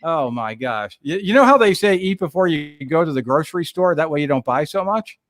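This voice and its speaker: A middle-aged man, a radio host, chatting casually on a livestream and telling stories with lively acted-out quotes. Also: a little high, fairly quick, dry recording. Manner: animated storyteller, acts out quotes.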